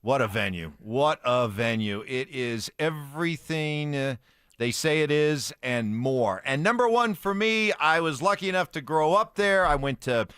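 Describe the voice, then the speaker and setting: A man with a crisp, bright voice hosting sports radio, firm and opinionated as he steers the talk. The sound is dry, close to the mic. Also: fairly high pitch, animated, normal speed, no room sound.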